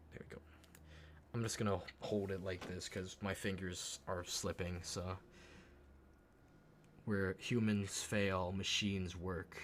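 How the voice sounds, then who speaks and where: A man streaming live and chatting casually with his viewers while he paints a miniature, swearing often and muttering quietly as he concentrates. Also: deep voice, gravelly, a little hiss or hum. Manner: relaxed, swears often, talks to chat while working.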